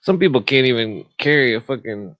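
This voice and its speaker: A man's voice: mid-range voice, expressive, a little fast, muffled recording. A man hosting a podcast, talking in a rambling, profane monologue and laughing at his own stories. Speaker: podcast host.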